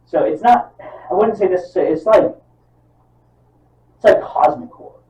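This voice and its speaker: Far from the mic, a man with a high voice chats at a normal speed on a podcast he co-hosts, cursing freely and animatedly performing film scenes while recounting them. The room is spacious and the audio is muffled.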